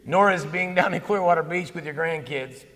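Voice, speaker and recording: A man in his fifties giving a conversational, animated talk on Catholic faith at a conference, telling stories with asides. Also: a little high, normal speed. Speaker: conference speaker. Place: conference hall. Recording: long hall reverb.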